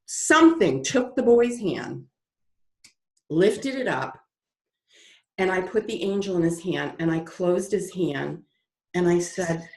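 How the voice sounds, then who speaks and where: A woman guest telling stories in an interview, lively and dramatic, acting out the voices in her story. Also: lowish voice, slow, pauses often, echoey room. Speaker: guest author.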